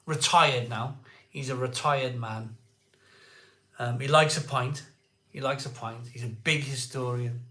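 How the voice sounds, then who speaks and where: Excitable man, bright and slow. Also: mid-range voice, roomy sound. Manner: excitable, repeats himself, laughs often. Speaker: live-stream beer show host. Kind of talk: casual live chat reading viewer comments.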